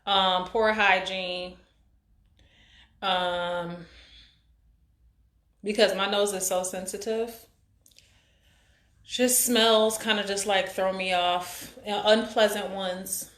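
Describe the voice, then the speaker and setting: A woman of about forty, with a medium-pitched, flat and slightly bright voice, hosts a live stream in an echoey room. She chats casually as she greets viewers and reads their comments, rambling and halting with many fillers.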